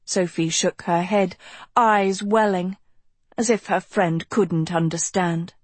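A woman narrating a storybook in a measured, steady way, close to a studio mic. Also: lowish voice, no room sound. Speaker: audiobook narrator.

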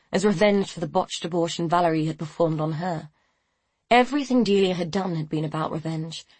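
A woman reading a novel aloud in a measured, even storytelling manner. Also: on the low side, no echo. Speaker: audiobook narrator. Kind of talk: scripted narration.

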